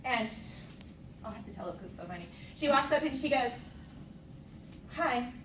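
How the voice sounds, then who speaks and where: A woman's voice: a little high, lively intonation, fast talker, fairly bright tone. A woman in her thirties giving an enthusiastic, casual talk as a fitness coach to a live group, laughing often. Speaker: fitness coach speaking at a team meeting. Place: meeting room with an audience. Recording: echoey room, distant mic, noisy.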